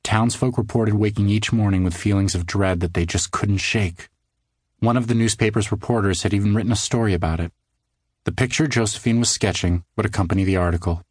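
A man narrating a children's audiobook in a studio, measured storytelling that slows for suspense. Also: lowish voice, darkish tone, breathy edge, no echo. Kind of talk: scripted narration of a children's book.

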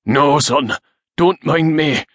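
A man voicing a wounded older Highland clansman and father who gasps out fierce, urgent shouts. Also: takes it slowly, no echo, studio quality.

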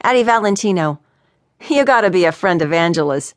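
A woman voicing a gruff, irritable male private investigator in his sixties with a New Orleans accent. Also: lowish voice, expressive, fairly quick, no room sound, studio quality, close to an everyday voice.

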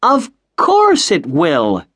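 A man voicing a loud, boastful young American man. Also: a little high, wildly swooping pitch, very slow, no echo, clean studio sound, voice pushed up, heavily acted. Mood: confident.

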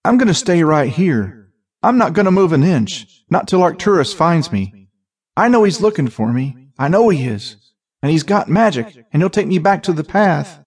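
A man voicing a frightened young male thief who talks in rough, everyday speech with dropped endings. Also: fairly high pitch, sing-song, moderate pace, darkish tone, voice pushed up. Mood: scared.

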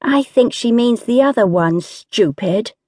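A woman's voice: fairly high pitch, animated, unhurried, dark tone, no echo, studio quality, voice pushed up. A woman reading an audiobook, voicing a pert, sly younger sister who scolds and tattles. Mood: snippy.

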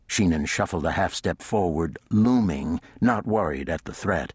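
A man narrating a thriller audiobook in a measured, gritty manner on a close studio mic. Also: low-pitched, expressive, a little mellow, husky, dry recording. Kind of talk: scripted narration.

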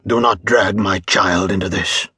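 A grieving father argues in tense, clipped protest, read by a male narrator. The voice is low and husky, unhurried and dry. It is an audiobook horror read. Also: steady tone, bright, forceful tone, no echo, exaggerated voice. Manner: tense, indignant. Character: grieving father opposing the mob's execution.

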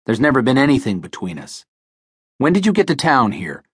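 A man's voice: medium pitch, wildly swooping pitch, brisk, slightly rough, dry recording, studio quality. A man voicing a cold, curt male professional thief in an audiobook, blunt and clipped. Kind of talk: audiobook character voice.

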